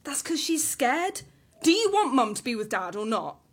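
A woman's voice: high voice, big pitch swings, normal speed, breathy edge, full character voice. A bossy, scornful girl. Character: sharp-tongued young girl defending her father.

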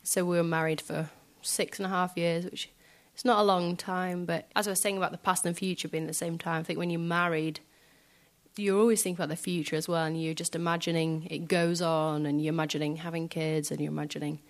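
A woman musician speaking softly and hesitantly in a reflective interview in front of a live audience, filling pauses with small filler phrases. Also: on the low side, flat delivery. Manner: soft, hesitant, many fillers. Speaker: guest musician.

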